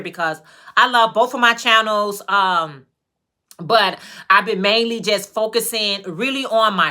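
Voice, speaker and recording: A livestream host who crochets hats, this Chicago-accented woman has a mid-range voice that sounds pushed and bright. She's chatty and casual, greeting viewers individually by name, with drawn-out phrasing.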